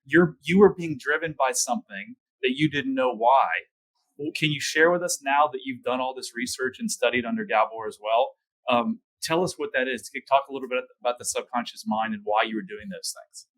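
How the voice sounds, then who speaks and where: A man's voice: medium pitch, fairly quick, a bit bright, rough recording. A man hosting a podcast interview, probing and restating the guest's points with follow-up questions. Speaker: podcast host. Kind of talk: conversational interview.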